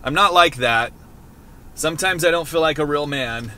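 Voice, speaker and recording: A man's voice: on the high side, moderate pace, bright, forceful tone. A man in his thirties vlogging casually to a handheld camera from his car, rambling and joking. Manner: rambling, playful, jokey.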